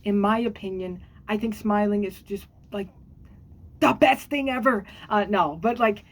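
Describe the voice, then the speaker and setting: Rambling, earnest woman vlogger. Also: a little slow. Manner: rambling and earnest, many fillers and restarts, bursts of squeaky excitement. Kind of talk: casual chat to camera. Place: at home on a squeaky chair.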